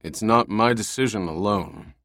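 A man's voice: fairly low pitch, moderate pace, a bit bright, dry recording, clean studio sound, close to an everyday voice. A man voicing a determined young man in an audiobook, firm and resolute. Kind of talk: audiobook character voice.

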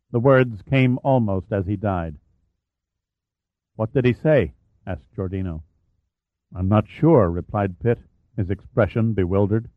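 Man, audiobook narrator, measured storytelling, mid-pitched voice, dry dull recording. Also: dry recording. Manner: steady, measured storytelling with quiet dialogue voices. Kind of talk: scripted narration.

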